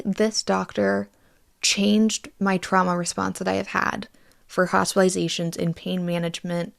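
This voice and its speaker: 30s woman podcaster, super gravelly fry, blunt and sweary, just talking. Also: medium pitch. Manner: candid, swears freely. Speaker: podcast host. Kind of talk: personal update monologue. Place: Austin, Texas.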